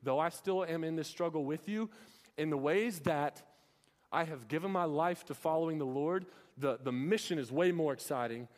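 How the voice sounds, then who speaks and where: A young male preacher delivering an earnest sermon, firing off rhetorical questions at his congregation. His voice sits a bit higher than most men's. It rings out through a church hall with a long reverb tail. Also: normal speed.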